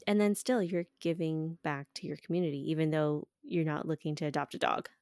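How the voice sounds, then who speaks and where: A woman's voice: low voice, fairly even intonation, brisk, darkish tone, no echo, clean studio sound. A woman co-hosting a podcast, telling a story in casual chat, laughing often and swearing freely. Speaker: podcast co-host.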